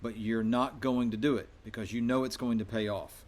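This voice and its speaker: A man's voice: medium pitch, fairly even intonation, fairly quick, darkish tone. A man speaking as a middle school soccer coach, giving a firm, emphatic welcome talk to his players.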